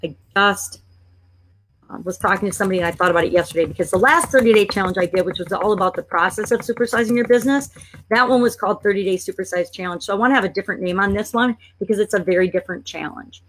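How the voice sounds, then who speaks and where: A woman coaching online business, chatting and thinking aloud as she clicks through a screen-share tutorial, playfully exasperated at a slow computer. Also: mid-range voice, fairly bright tone, a little hiss or hum.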